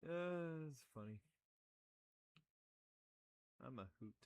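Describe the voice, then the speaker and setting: A hobby crafter making model trees chats casually to the camera in a slightly high, expressive voice, speaking slowly. He rambles, pokes fun at himself, and plays with words, and the dry recording has a clean studio sound.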